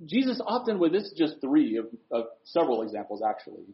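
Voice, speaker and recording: Male pastor, high and lively voice, preaching in an echoey room. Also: fast talker. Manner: animated preaching, swings from loud to hushed. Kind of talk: sermon. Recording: echoey room, dull lo-fi sound.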